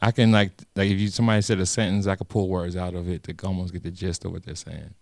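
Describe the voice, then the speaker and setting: A man's voice: sits low, level tone, fast talker, creaky, a little mellow, dry recording, studio quality. A man co-hosting a casual podcast chat, teasing his guests and often restarting his sentences. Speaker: podcast co-host.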